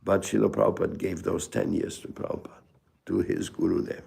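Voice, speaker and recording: Older guy, low gravelly husky voice, giving a rambling storytelling spiritual talk. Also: big pitch swings. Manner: storytelling, halting restarts, rhetorical asides. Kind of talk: informal spiritual lecture.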